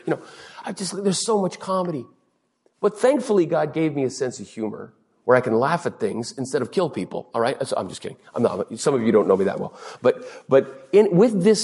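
A middle-aged man preaching a sermon, animated and joking as he acts out bits of dialogue. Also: on the high side, normal speed. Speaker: pastor.

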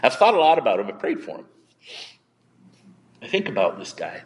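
A male pastor preaching in a conversational, candid way, often halting and repeating words as he tells a personal story. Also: medium pitch, huge pitch swings, long reverb tail.

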